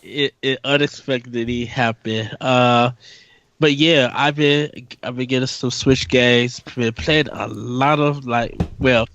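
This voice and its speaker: A man's voice: medium pitch, slow, muffled recording. Stuffy-sounding man co-hosting a podcast. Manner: repetitive and excitable. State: stuffy from a cold. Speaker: podcast co-host. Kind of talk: casual podcast chat.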